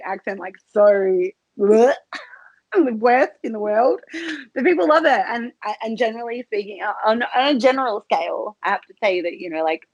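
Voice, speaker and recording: Woman, Australian accent, chatty and giggly, cursing casually, mid-pitched voice, dry sound. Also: no echo, muffled recording. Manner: giggly, chatty, swears freely. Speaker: guest, cam model. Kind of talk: casual interview chat.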